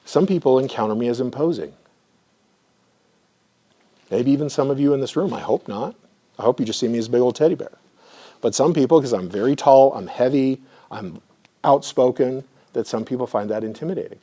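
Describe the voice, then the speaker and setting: Middle-aged guy lecturing a room, warm easy tone, keeps clearing his throat. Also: medium pitch, a little fast, long pauses. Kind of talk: live lecture with personal anecdotes. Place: room with a live audience.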